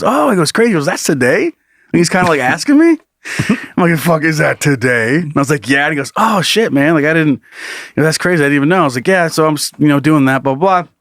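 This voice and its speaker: A middle-aged man co-hosting a podcast, telling a story in animated casual chat, swearing often and laughing mid-sentence. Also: on the high side, dry recording, clean studio sound. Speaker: podcast co-host.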